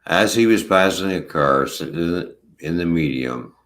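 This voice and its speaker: A man's voice: low-pitched, lively intonation, normal speed, a bit bright. A man hosting a casual live stream, telling rambling, profane trucking anecdotes and acting out the dialogue. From Canada. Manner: rambling anecdote-telling, swears freely, acts out quoted dialogue. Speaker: stream host and former long-haul trucker.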